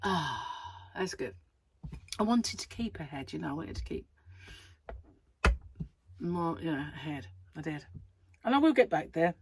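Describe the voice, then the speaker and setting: A woman's voice: low-pitched, sing-song, unhurried, pauses often, a little mellow, slight background noise. A middle-aged woman, chatting casually and rambling to camera as a crochet vlogger, laughing often.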